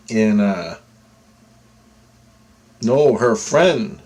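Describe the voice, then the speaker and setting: Speaking slowly with long pauses, this man has a mid-range, slightly rough voice. He's a vlogger casually rambling through something that happened to him, restarting often, dropping fillers, and acting out what other people said.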